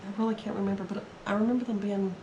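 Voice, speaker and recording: Rapid-fire and warm, a reseller vlogger's mid-range voice keeps fairly even intonation as she chats and rambles through her resale haul, slightly strained as she recovers from illness. The audio is dull with a little hiss or hum, recorded in an echoey room with faint ambience.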